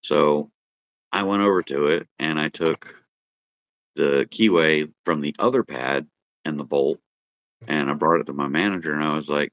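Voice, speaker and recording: A man's voice: rumbling low, moderate pace, fairly bright tone, no room sound, muffled recording. A man telling a wry work story in casual chat, with a chuckle in his voice.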